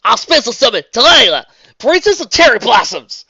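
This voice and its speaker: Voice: medium pitch, big pitch swings, normal speed, breathy edge, dry recording, highs cut off, pitched above the performer's own voice, exaggerated voice. A reader voicing a taunting Southern cowgirl, Applejack. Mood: boastful. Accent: put-on American Southern. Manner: loud, taunting, showy. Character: brash Southern cowgirl card duelist, young woman.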